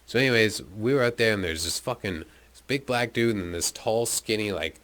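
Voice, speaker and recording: Low-voiced profane man telling travel stories. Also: fairly quick, a bit bright. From North America. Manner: profane, laid-back storytelling with frequent fillers. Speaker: storyteller recounting travels. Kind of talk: casual rambling anecdote.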